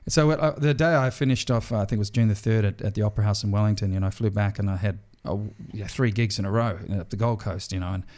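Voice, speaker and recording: A chatty Australian man with a somewhat low voice speaks quickly with few pauses. He is a stage entertainer telling stories as a podcast interview guest, lively and full of restarts and fillers.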